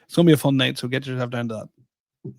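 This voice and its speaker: A man's voice: mid-range voice, fairly even intonation, rapid-fire, gravelly, no echo. Laughing man, dry close sound. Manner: laughing, self-deprecating storyteller. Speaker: podcast co-host and stand-up comedian. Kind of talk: casual chat.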